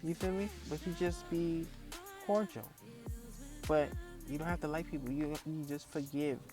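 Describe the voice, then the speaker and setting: A man's voice: a little high, steady tone, moderate pace. A man in his early thirties ranting casually to camera, telling a heated story full of profanity and repetition, with faint music behind him. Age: early 30s. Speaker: vlogger.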